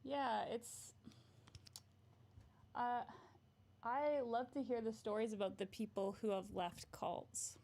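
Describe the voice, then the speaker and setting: Gravelly-voiced woman therapist chatting casually. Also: a little high, fairly even intonation, slow pace, pauses often, dark tone. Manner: frequent "right?" tag questions, laughs often. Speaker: therapist and livestream host. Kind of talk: casual livestream advice chat.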